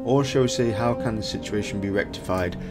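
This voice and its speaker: A man's voice: on the low side, fairly quick, loud music behind the voice. A man hosting a game video, chatting through his playthrough and laughing at his own slips. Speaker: gaming video host.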